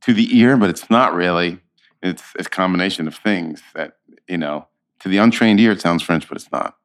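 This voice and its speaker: A man in his fifties, an actor, chatting as an interview guest and telling animated stories. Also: low-pitched, a little fast. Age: 50s. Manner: animated storyteller, acts out quotes. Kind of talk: casual interview chat.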